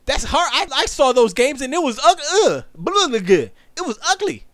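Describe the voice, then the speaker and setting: A man's voice: very high voice, big pitch swings, moderate pace, fairly bright tone, no echo, clean studio sound, voice pushed up, exaggerated voice. A man mimicking a male company executive in a mocking, whiny tone of disgust.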